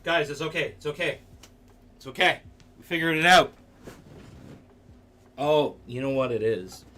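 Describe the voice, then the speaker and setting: A man hosting a casual livestream from his computer desk, playful and jokey, breaking into sudden loud outbursts. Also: fairly high pitch, unhurried. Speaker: livestream host. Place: seated at a computer in a dim room.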